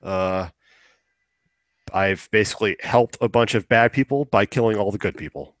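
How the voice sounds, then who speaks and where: Male podcast host, low-pitched, loose rambling storyteller with casual cursing. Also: normal speed, dry recording. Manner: rambling, swears casually, acts out quotes. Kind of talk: casual chat.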